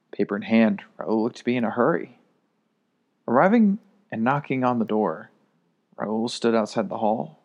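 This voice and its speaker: A man narrating a first-person story in a steady storytelling manner. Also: fairly low pitch.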